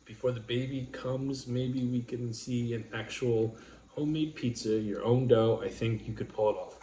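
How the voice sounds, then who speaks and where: A man's voice: medium pitch, steady tone, mellow. Rambling man in a roomy room. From New York. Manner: rambling, halting, full of restarts. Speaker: livestream host. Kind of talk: casual livestream chat. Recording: roomy room with faint noise.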